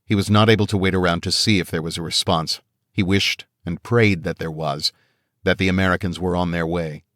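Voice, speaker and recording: A man narrating an audiobook in a steady, measured reading style on a close studio mic. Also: low-pitched, dry recording. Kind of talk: scripted narration.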